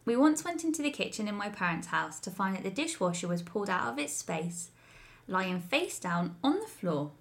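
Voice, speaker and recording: A woman's voice: medium pitch, moderate pace, few pauses. Woman co-host, chatty and giggly, tells ghost stories in casual banter. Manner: giggly, animated storyteller. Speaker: podcast co-host.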